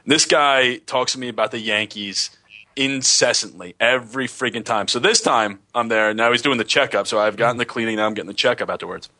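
A man co-hosting a radio show, telling animated everyday anecdotes in casual chat, with lots of fillers. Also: mid-range voice, a little fast. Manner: animated anecdotes, filler-heavy, laughs at his own stories.

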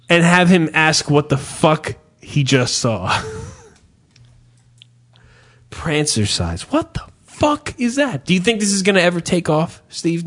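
A man hosting a casual chat, swearing freely and rambling through a story, with many hesitations and restarts. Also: fairly high pitch. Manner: hesitant, repeats himself. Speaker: podcast host.

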